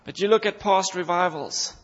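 A man's voice: high voice, normal speed. A man preaching a sermon with fervent, emphatic delivery, repeating phrases for emphasis. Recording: dull sound with long reverb in a hall.

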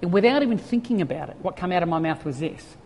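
A middle-aged Australian man preaching a sermon as a story, swinging from lively to hushed. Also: high-pitched, fast talker, vocal fry, a little hiss or hum. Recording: long reverb of a large hall.

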